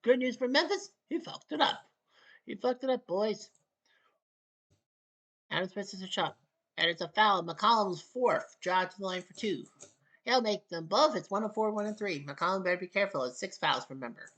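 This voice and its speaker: A woman from Canada gives casual solo play-by-play of a basketball video game. She speaks in short, clipped calls and adds wry asides. Her voice sits in an ordinary middle pitch for a woman. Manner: clipped, rapid calls, wry asides, rising excitement near the end. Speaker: play-by-play commentator.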